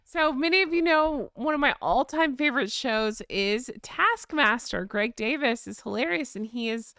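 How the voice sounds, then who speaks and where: A woman's voice: sits high, animated, moderate pace, fairly bright tone, dry recording, studio quality. An American woman hosting a casual live chat stream, chatting and reading out viewer comments. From United States. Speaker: livestream host.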